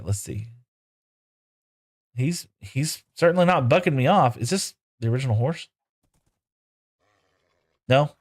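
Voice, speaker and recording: Chatty man streaming a game. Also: mid-range voice. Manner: chatty, talks to the animals in playful broken baby-talk; answers chat messages aloud while playing. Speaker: live streamer. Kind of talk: casual gameplay live stream.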